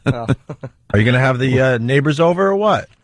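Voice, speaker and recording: A man's voice: medium pitch, lively intonation, normal speed, no echo. A man co-hosting a radio show, teasing his partner with short prodding questions in casual banter.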